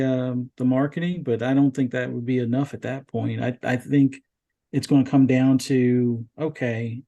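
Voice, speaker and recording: A man's voice: medium pitch, warm tone. A man co-hosting a gaming podcast, talking things through in casual chat and often restarting his sentences. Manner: hesitant, restarts sentences while reasoning. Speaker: podcast co-host.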